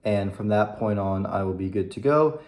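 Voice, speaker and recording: A young man with a fairly low voice talks straight to his viewers, upbeat and a little rambling, with lots of fillers. His room is echoey, and he sits at his computer with keys clicking now and then. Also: moderate pace, darkish tone. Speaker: vlogger. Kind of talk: casual video diary.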